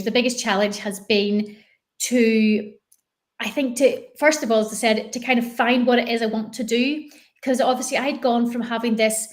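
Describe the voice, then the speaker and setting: A woman from Northern Ireland with a Northern Irish accent, a business coach talking in a chatty, animated way as an interview guest. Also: a little high. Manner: chatty, animated, many fillers and restarts. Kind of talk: conversational interview.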